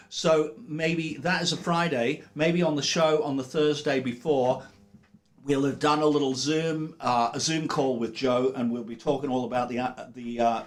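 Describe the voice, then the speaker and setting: A man hosting a casual livestream from a studio, chatty and rambling in an upbeat way. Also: mid-range voice. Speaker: livestream host.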